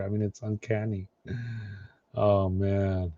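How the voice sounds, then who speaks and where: Male streamer, low-pitched, casual thinking-aloud commentary, dry dull lo-fi mic. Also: little pitch movement, dark tone, no room sound. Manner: thinks aloud, halting with fillers and restarts. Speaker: streamer reacting to social media posts.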